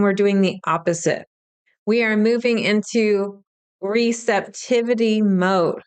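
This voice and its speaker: Her voice is clear and resonant, with a medium pitch, as this spiritual teacher hosts her solo podcast. She keeps it casual and chatty, reassuring the listener directly.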